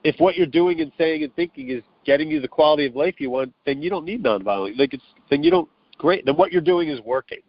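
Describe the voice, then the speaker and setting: Over a dull, dry telephone line, a man is interviewed as a guest, explaining things earnestly but loosely. His fairly high voice has lively intonation, and he talks fast with few pauses, restarting sentences and acting out quotes.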